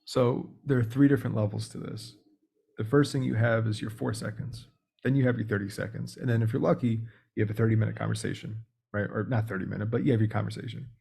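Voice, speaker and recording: A man, a guest on a podcast, explaining sales techniques in a relaxed, practical coaching way. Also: fairly low pitch, quick pace, vocal fry, breathy edge. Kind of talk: casual explanatory interview talk.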